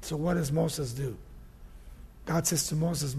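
Brief: male pastor, sermon, husky and gravelly, loud scripture reading broken by low asides. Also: moderate pace. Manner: swings from loud emphatic scripture reading to quiet conversational asides.

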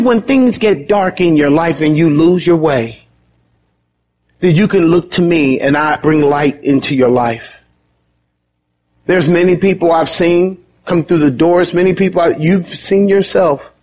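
A man preaching a sermon in an animated, conversational way, with sudden high emphatic bursts and quick chuckles. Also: highs cut off. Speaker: pastor.

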